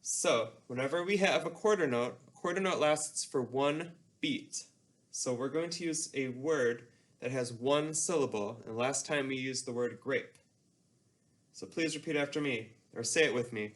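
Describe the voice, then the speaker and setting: A man's voice: medium pitch, normal speed. A man teaching a music class, explaining patiently and leading call-and-response chanting.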